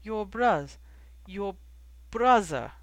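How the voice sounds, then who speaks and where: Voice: medium pitch, unhurried, fairly bright tone, smooth, no room sound, lightly acted. A reader voicing a timid young woman witch who speaks in a small, apologetic voice. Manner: small, apologetic voice, formal phrasing.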